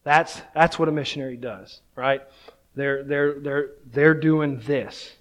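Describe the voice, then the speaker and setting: A man's voice: medium pitch, steady tone, slow, fairly bright tone. A man in his thirties, a pastor, preaching a sermon in a casual, self-deprecating storytelling way, often checking in with "right?".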